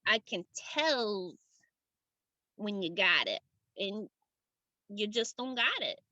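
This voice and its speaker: A woman game master voicing a gruff, touchy working man who talks tough-guy slang with broken grammar, slow and suspicious. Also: mid-range voice, sing-song, pushed and bright, dry recording, lo-fi sound, exaggerated voice. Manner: suspicious, slow, drawn-out delivery. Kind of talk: tabletop role-play voice acting.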